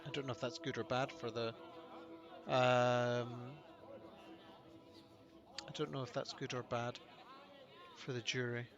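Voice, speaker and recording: A man streaming a game playthrough, muttering quiet asides to himself between dialogue. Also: mid-range voice, flat delivery, unhurried, pauses often, lo-fi sound, crowd noise.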